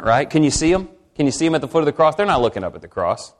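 There's a sing-song quality to this man's slightly high voice as he preaches conversationally to his congregation. He asks them questions and swings from quiet, slow moments to emphatic ones.

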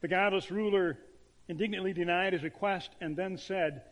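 A man, a pastor, preaching a sermon with emphatic phrasing and dramatic pauses. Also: high-pitched, fairly even intonation, in a large hall.

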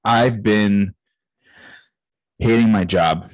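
A man's voice: lowish voice, extremely slow, no echo, low-quality recording. A man in his late thirties co-hosting a podcast, telling a story in a casual, profane way, acting out conversations and laughing often. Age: 30s. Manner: profane, animated storytelling, acting out quoted dialogue, frequent laughter. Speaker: podcast co-host. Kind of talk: casual chat.

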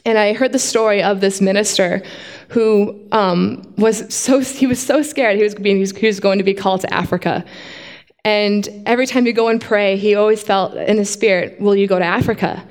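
A woman preaches a sermon in a lively way, asking her listeners questions. Her voice is mid-pitched and carries a long hall reverb, as in a church. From not from Australia. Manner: lively, asks the congregation questions.

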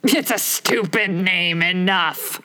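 A woman reader voices a pompous, touchy egg-man perched on his wall, stretching out his words in a slow, haughty, raised voice. Rather than conversing, he lectures, pressing hard on every grand phrase, in a lowish, sharp, clean tone.

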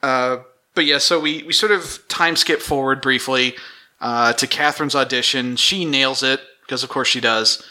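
A man's voice: mid-range voice, fairly even intonation, normal speed, sharp tone. A man hosting a podcast, casually recapping episodes with fillers and wry jabs.

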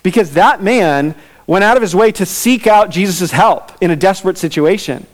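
Conversational man preaching, fairly high voice. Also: lively intonation, moderate pace. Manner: conversational preaching with fillers and asides. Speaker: pastor. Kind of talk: sermon.

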